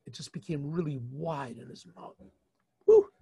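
Rabbi retelling a story, mellow voice. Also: male voice, fairly high pitch, moderate pace, breathy edge, no echo. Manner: animated retelling with frequent restarts and asides. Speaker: rabbi teaching a yeshiva class. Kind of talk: informal storytelling lesson.

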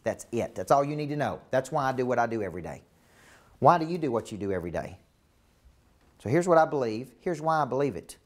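Very animated and a fast talker, this Southern US–accented business coach teaches a live coaching seminar in a medium-pitched voice. He stays emphatic and repetitive, regularly checking whether the room is following along.

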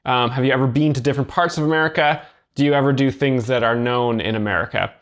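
Slow, halting man explaining jokes. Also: medium pitch. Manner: slow, halting, literal-minded. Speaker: joke explainer. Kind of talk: deadpan commentary.

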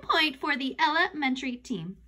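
A woman voicing an excitable grown man hosting a school quiz, announcing in a bouncy way. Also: high-pitched, moderate pace, voice pushed up, heavily acted. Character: excitable adult male quiz host.

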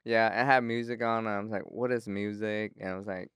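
A young man, telling a story on a podcast in a halting, laid-back way full of fillers. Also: lowish voice, steady tone, fairly bright tone, smooth, no room sound. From Texas. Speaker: comedian and rapper, podcast guest.

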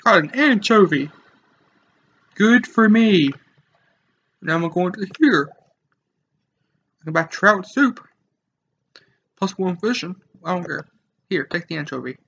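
Young male let's player, high voice, jokey rambling, muffled mic with faint hiss. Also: expressive, slow pace, creaky, long pauses, a bit bright. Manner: joking, rambling, talks to viewers. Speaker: gamer. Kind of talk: casual let's play commentary.

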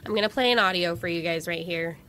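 A woman's voice: fairly low pitch, a bit bright, a little hiss or hum. A woman co-hosting a podcast, chatting casually and reading out listener messages, giggly and emotional. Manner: giggly, emotional, quick to laugh. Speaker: podcast co-host.

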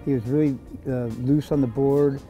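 Man, mellow dark voice, relaxed admiring recollection, faint music behind. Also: mid-range voice, normal speed, rough recording. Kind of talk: documentary interview.

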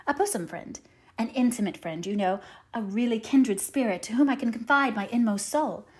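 A woman reads as a chatty young orphan girl in a storybook reading, full of eager daydreams. Her sentences run on breathlessly and lift with rapture. The voice sits a little higher than the narration around it. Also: moderate pace, a little mellow, natural voice. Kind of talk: audiobook character reading.

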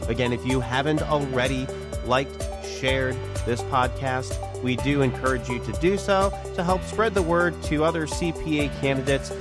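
A man's voice: medium pitch, moderate pace, loud music behind the voice. Man reading a podcast intro. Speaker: podcast producer.

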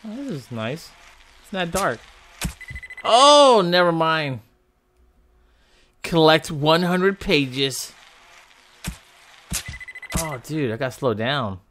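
An excitable man narrating his gameplay in a casual let's-play, his voice swinging widely up and down with a bright, forceful edge. He talks in an unhurried way between sudden yelps and silly exclamations. A faint hiss of noise sits under the recording. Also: a little high. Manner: excitable, yelps and reacts to the game with goofy exclamations. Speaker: gaming video host.

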